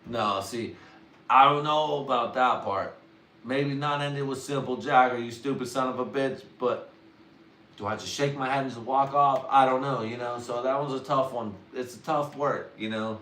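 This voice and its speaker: A man's voice: mid-range voice, moderate pace, fairly bright tone, far from the mic. Man riffing jokes on a livestream, rambling and crude, roomy sound, away from the mic. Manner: rambling, profane, self-doubting. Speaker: livestream comedian. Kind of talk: casual livestream joke workshopping.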